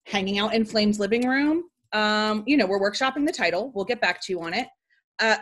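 A woman in her forties hosting a podcast, chatting casually through a story with frequent "like" fillers and lively asides. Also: mid-range voice. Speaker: podcast host.

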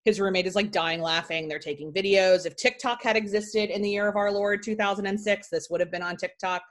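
A woman's voice: medium pitch, brisk. Chatty woman podcast host telling a story. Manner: chatty, peppered with "like", lively asides. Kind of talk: casual storytelling.

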